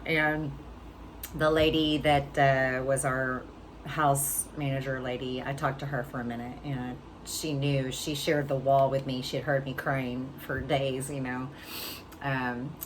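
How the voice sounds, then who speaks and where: A woman's voice: extremely low pitch, a bit bright, slight background noise, rough recording. A middle-aged woman vlogger telling a personal story in a chatty way, often laughing and checking in with "right?".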